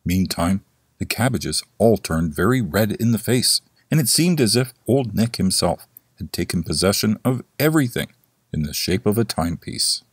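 A man's voice: lowish voice, expressive, moderate pace, slightly rough, no echo, studio quality. A man narrating a classic story as an audiobook, in a theatrical reading style. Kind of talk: scripted horror story narration.

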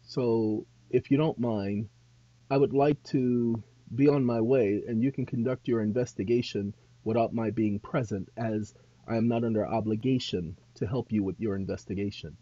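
A man hosting an advice monologue to viewers, speaking in a measured, deliberate way that turns indignant and loud. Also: lowish voice, steady tone, no echo, highs cut off. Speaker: host.

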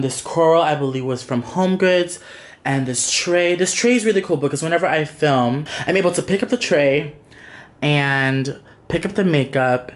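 A man chatting as a beauty vlogger on a casual room tour, gushing and peppering his talk with "like" and "y'all", at home in a small room. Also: mid-range voice.

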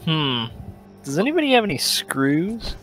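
A man in casual chat while playing a video game, making dry deadpan jokes. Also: on the high side, measured pace, soft background music. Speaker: gamer.

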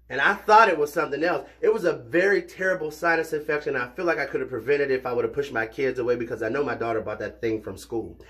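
Playful, slightly hoarse man vlogging. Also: mid-range voice. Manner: animated, playful, colloquial, talks to viewers as cousins. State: slightly hoarse, recovering from illness. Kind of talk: casual direct-to-camera chat.

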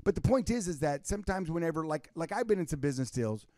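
Brief: male podcast co-host, slightly high voice, animated storyteller, dry close sound. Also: quick pace, no echo. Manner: animated storyteller, acts out quoted people. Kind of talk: casual business podcast chat.

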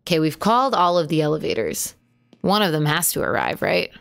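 Chatty woman streamer with a lively, lowish voice. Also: brisk, vocal fry. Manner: chatty, jumpy, yelps at scares, swears casually. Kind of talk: live horror gameplay commentary.

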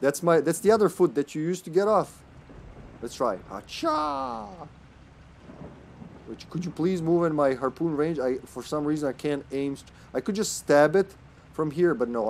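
A man's voice: fairly high pitch, a little hiss or hum. A man streaming a retro horror game live, chatting with viewers in a jokey, rambling way. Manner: chatty and jokey, often laughing, greeting chat. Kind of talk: live gameplay commentary.

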